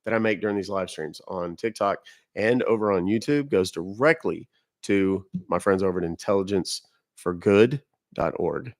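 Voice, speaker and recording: This livestream host from the United States has a low voice and speaks at a normal speed. He chats casually with viewers while delivering blunt, emphatic warnings, captured in studio quality with no echo.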